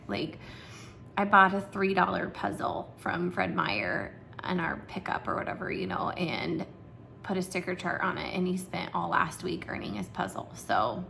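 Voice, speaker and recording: A woman's voice: lowish voice, measured pace, creaky, fairly bright tone, slight background noise. A young woman, a preschool teacher, chatting casually and encouragingly to parents with lots of fillers.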